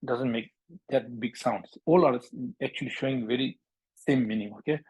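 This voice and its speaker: A man from Bhutan teaching a language lesson, speaking halting English, repeating words and drilling sounds aloud. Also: medium pitch, slightly rough, no room sound, low-quality recording.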